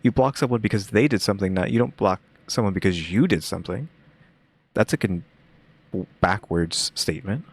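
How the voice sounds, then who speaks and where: A man's voice: lowish voice, animated, moderate pace, husky. A young man hosting a reaction video, talking casually and musing aloud with lots of fillers. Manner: rambling, musing, many fillers.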